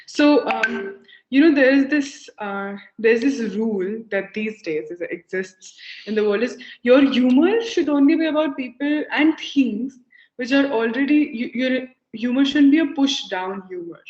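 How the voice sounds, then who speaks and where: A young woman teaches English over a video call, chatting freely and laughing as she works through examples. Her voice sits a little high. The call sounds echoey and dull, as if caught in a bare room through a lo-fi line. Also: expressive, unhurried, a little mellow. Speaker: English tutor. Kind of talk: conversation practice lesson.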